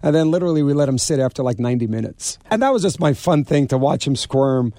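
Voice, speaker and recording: A man, an author and restaurateur telling stories in an interview, animated and stumbling over repeated words. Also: medium pitch, fast talker, no echo. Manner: animated storyteller, acts out quoted people, repeats words. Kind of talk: storytelling interview.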